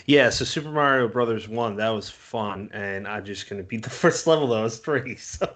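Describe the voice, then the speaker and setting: A man's voice: on the low side, moderate pace, fairly bright tone. Rambling male podcast host from Massachusetts. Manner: loose, rambling questions with self-corrections. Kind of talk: casual interview chat.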